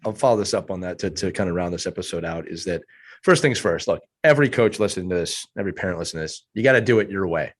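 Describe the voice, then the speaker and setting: A man's voice: sits low, lively intonation, rapid-fire. A man hosting a hockey podcast in casual chat, making emphatic points and tagging them with "right?". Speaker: podcast host.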